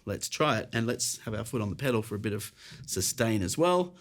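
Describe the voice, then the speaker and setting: A man's voice: fairly low pitch, lively intonation, fairly quick. Encouraging British man teaching piano. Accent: British English. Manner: encouraging, talks while playing and counting aloud. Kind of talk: casual online piano lesson. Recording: faint piano music behind. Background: piano playing.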